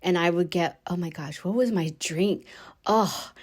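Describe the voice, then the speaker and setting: A woman's voice: lowish voice, a little slow, a little mellow, breathy edge. A woman hosting a casual podcast, chatty and rambling, with many fillers and restarts and easy laughs. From United States. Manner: laughs easily. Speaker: podcast host. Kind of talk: casual solo podcast chat.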